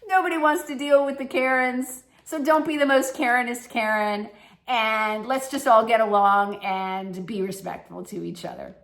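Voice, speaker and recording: Chatty woman telling cruise stories, echoey. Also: normal speed. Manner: chatty, animated, jumps to high pitch for quoted people. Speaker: cruise travel vlogger. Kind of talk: casual storytelling.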